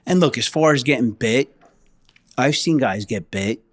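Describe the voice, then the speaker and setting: A man's voice: medium pitch, expressive, moderate pace, dry recording. A man, a former state trooper, telling stories on a podcast in a blunt, profane way, acting out what people said. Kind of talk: casual podcast storytelling.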